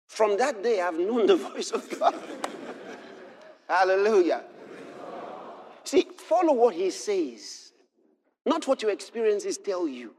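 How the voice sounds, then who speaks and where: A man preaching a sermon, telling a personal story with animated delivery that moves between hushed passages and shouted exclamations. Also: sits high, slow pace, long pauses, slight background noise.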